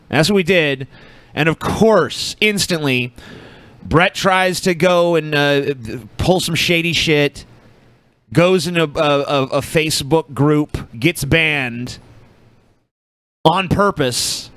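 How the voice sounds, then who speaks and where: Podcast host, male, a little high-pitched, dry close sound, swears a lot while telling stories. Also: unhurried, no room sound. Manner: profane storytelling, animated quotes. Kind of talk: casual chat.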